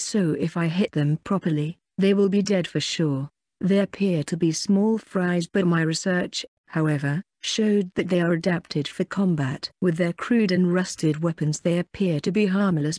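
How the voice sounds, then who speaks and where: Flat synthetic audiobook narrator. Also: mid-range voice, no echo, studio quality. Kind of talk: scripted first-person narration.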